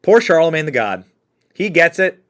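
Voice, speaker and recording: Animated mocking male commentator. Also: a little high, normal speed. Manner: mocking, animated, laughs often. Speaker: political commentary host. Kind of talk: reaction commentary on clips.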